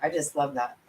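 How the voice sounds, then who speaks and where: A woman's voice: low-pitched, a little mellow, poor audio. A woman hosting a casual livestream, chatting with viewers, laughing often and poking fun at herself. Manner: chatty, giggly, self-deprecating. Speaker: commentary channel host.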